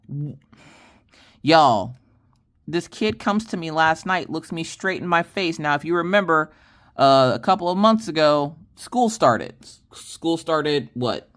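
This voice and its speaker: A middle-aged woman hosting a casual chat vlog, telling stories to her viewers in an animated, exasperated way. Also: low-pitched, unhurried. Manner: animated, exasperated storytelling addressing viewers as y'all. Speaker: crafting vlog host.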